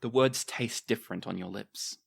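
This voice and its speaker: A man acting as game master, narrating a tabletop game in a descriptive, expressive way. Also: fairly low pitch, normal speed, creaky, husky.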